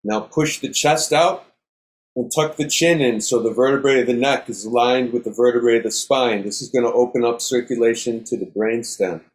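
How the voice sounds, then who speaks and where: Middle-aged guy teaching yoga breathing, calm step by step cues, normal pitch. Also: normal speed. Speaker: yoga instructor. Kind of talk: guided breathing class.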